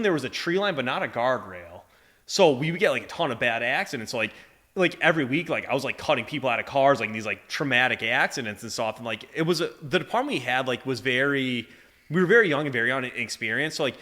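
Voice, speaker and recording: Bright-voiced man rambling with filler. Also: medium pitch. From Massachusetts. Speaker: podcast guest firefighter. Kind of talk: casual storytelling.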